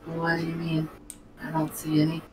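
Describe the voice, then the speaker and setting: A woman's voice: deep voice, monotone, moderate pace. A woman playing a game with friends, giving brief, laid-back replies. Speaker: co-player. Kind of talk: casual chat while playing a game. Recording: distant mic, echoey room, clear noise.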